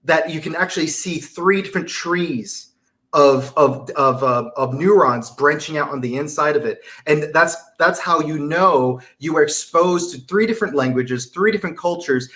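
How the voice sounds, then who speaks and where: Eager, rambling man, a bit high. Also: moderate pace, fairly bright tone. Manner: eager, rambling, laughs easily. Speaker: guest. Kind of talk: casual interview chat.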